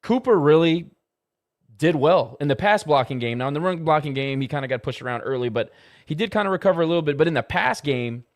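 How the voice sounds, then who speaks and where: A man's voice: on the high side, animated, quick pace, dry recording. A man co-hosting a sports podcast, upbeat as he breaks down player matchups. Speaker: podcast co-host. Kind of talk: casual sports analysis.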